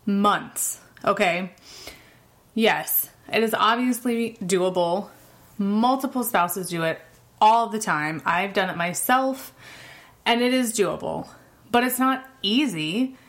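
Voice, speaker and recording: A woman's voice: mid-range voice, slow pace, fairly bright tone. A woman in her thirties hosting her own podcast, talking in a chatty, candid way and often laughing as she goes. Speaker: podcast host. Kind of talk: casual solo podcast talk.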